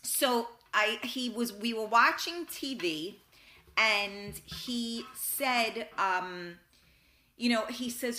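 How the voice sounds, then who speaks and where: Bright, chatty woman in an echoey room. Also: a little high, very slow. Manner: rambling, chatty, with frequent restarts and mild swearing. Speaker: talk show host. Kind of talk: casual storytelling monologue. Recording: roomy echo.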